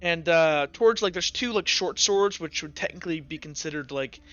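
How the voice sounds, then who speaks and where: A man's voice: fairly high pitch, moderate pace, fairly bright tone, dull audio. A man narrating as game master of a tabletop game, rambling with many fillers.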